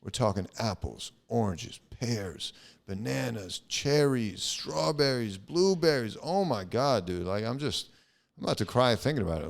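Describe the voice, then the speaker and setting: A man's voice: mid-range voice, expressive, unhurried, creaky. A young man hosting a casual solo podcast, rambling and swearing with lots of fillers. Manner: rambling, profane, frequent fillers. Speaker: podcast host.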